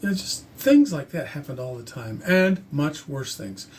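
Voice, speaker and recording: A man recounts something from his own life straight to the camera, speaking casually and plainly. His delivery is unhurried and halting, full of restarts, with an earnest tone. His voice sits a little higher than most men's. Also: very animated, a little hiss or hum. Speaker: channel host telling a personal story. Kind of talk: casual spoken storytelling to camera.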